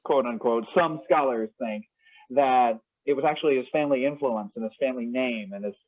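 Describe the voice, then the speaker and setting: A man's voice: mid-range voice, brisk. A young man co-hosting a casual podcast, hesitant and talking in restarts and fillers. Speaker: co-host. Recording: tinny phone-like line.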